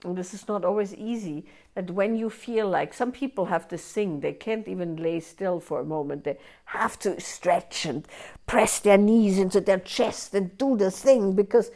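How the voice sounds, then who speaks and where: A woman with a mid-range, dark-toned voice leads a live workshop at normal speed. Her style is conversational; she keeps asking "right?" and acts out inner voices in quoted asides.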